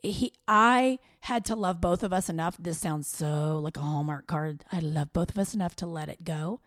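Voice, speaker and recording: Woman, Southern American accent, podcast co-host, chatty and animated, dry close sound. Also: on the low side, normal speed, no room sound. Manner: animated, chatty, with playful quoted voices. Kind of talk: candid podcast chat.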